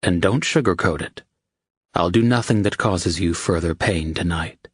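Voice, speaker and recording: A man playing a commanding, possessive lover in an audiobook, with a low, controlled murmur. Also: normal speed, husky, no echo, clean studio sound. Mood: stern.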